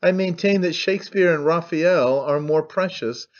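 A man doing a pompous old orator, shrill. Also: moderate pace, lo-fi sound, lightly acted. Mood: declaiming. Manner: declaiming grandly, shrill and defiant. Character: excitable old male orator, pompous and frantic.

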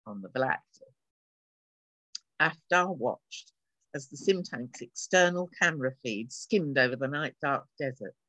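Author reading her novel aloud, bright and dry. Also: mid-range voice, expressive, unhurried, dry recording, rough recording.

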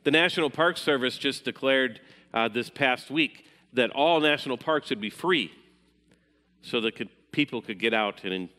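A man preaching at a measured pace, his voice falling to a near-hush for quiet passages. It is a mid-pitched voice. A long reverb tail from the hall follows each phrase. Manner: measured, dropping to a hushed voice at times. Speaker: pastor. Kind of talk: sermon.

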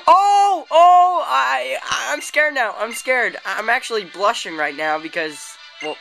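A male let's play host with a bright, forceful tone who talks slowly and unhurriedly. He gasps and exclaims at the game, and faint game music plays behind him. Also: high voice, creaky. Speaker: gaming channel host.

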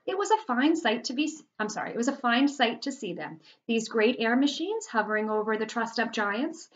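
A woman's voice: a little high, big pitch swings, brisk, highs cut off. A woman teacher reading a children's novel aloud to her class, adding chatty asides and explaining words.

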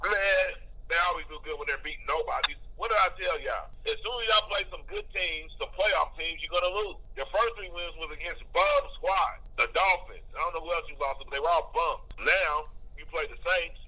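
A man's voice: on the high side, brisk, bright, forceful tone, low-quality recording. Blunt trash-talking sports radio man. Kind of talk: casual sports talk.

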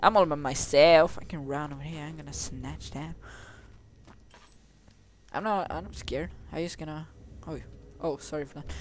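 A man's voice: on the high side, normal speed, long pauses. A young man commentating a horror game, taunting the monsters, swearing and yelping when scared, then whispering while he sneaks. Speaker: gameplay commentator. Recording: noisy home mic recording.

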